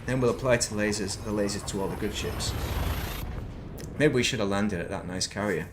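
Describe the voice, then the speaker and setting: A man's voice: lowish voice, a little fast, background noise. A man chatting casually while playing a game on stream, rambling between topics with self-deprecating asides at his desk mic. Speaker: gaming streamer.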